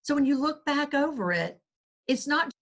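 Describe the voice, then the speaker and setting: A woman's voice: sits high, expressive, normal speed, fairly bright tone. A woman with a Southern US accent, a guest author talking earnestly in a rambling interview, with many restarts. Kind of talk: conversational interview.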